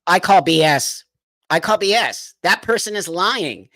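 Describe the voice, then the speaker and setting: A man's voice: high voice, expressive, measured pace, sharp tone, dry recording. A man hosting a live stream, commenting bluntly and mockingly and laughing often.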